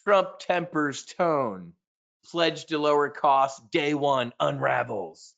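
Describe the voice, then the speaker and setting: A man hosting a live market briefing, talking in a blunt, profane, animated rant. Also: a little high, slow pace, creaky, lo-fi sound. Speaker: trading show host.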